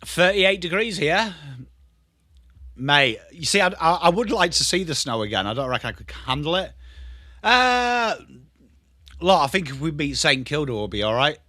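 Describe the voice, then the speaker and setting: A man's voice: on the high side, sing-song, moderate pace, long pauses, sharp tone, no room sound, studio quality. An English man in his thirties, host of a casual live stream, chatting loosely and swearing as he answers viewers. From England. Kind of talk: casual live watchalong chat.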